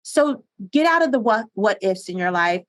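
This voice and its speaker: Animated woman telling stories on a podcast. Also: mid-range voice, normal speed. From Pennsylvania, USA. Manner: animated, earnest storyteller with frequent laughs. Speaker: podcast guest, entrepreneur. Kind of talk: podcast interview storytelling. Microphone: studio microphone.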